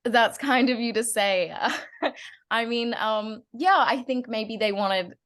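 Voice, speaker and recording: A woman's voice: a little high, slow, fairly bright tone. A woman in her twenties from Australia with an Australian accent, chatting as a guest actress and laughing often. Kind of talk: casual interview chat.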